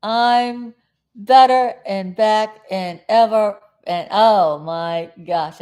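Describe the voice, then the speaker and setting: A woman's voice: mid-range voice, extremely slow, darkish tone. A middle-aged woman from South Florida hosting a casual live stream, chatting in a meandering way and often losing her train of thought.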